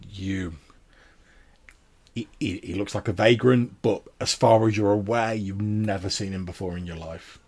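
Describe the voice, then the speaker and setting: Husky-voiced man running a tabletop game. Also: lowish voice, steady tone, measured pace, darkish tone. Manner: rambling, filler-heavy narration. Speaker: game master. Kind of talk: narrating a tabletop role-playing game.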